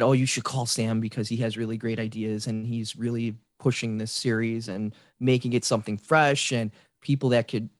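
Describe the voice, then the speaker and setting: A man's voice: medium pitch, dry recording, clean studio sound. A man in his forties on a podcast, eagerly telling a story in casual chat, with frequent restarts. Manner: excited storyteller, many restarts. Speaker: podcast guest, fan site creator.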